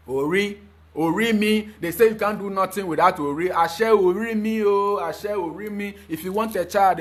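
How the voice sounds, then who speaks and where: Man, high-pitched, preachy, emphatic, spiritual talk, filler-heavy. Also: fairly bright tone. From Ghana. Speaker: spiritual teacher.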